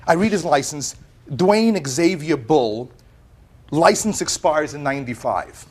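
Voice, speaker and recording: A middle-aged man testifying as plaintiff in a courtroom, telling his story in an animated way, acting out what others said, often repeating words and restarting. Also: a little high, measured pace, slightly rough. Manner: animated storyteller, quotes others in lively voices.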